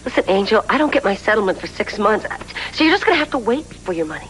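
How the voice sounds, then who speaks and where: A woman's voice: medium pitch, sing-song, fast talker, a bit bright, poor audio. An actress playing a needy, demanding, scheming woman in a 1980s soap opera. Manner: demanding, petulant. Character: needy, scheming woman craving family approval.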